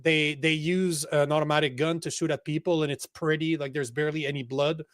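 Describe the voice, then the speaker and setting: A man co-hosting a casual political podcast, excitable and swearing often, laughing easily. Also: fairly high pitch, fairly quick, no room sound, studio quality. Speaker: co-host.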